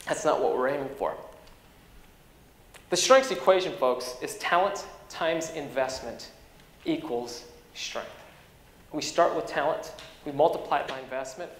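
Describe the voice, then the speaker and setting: A man giving a motivational keynote speech, an energetic storyteller who swings in pitch and loudness. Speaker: keynote speaker. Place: large conference hall. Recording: echoey conference hall with long reverb.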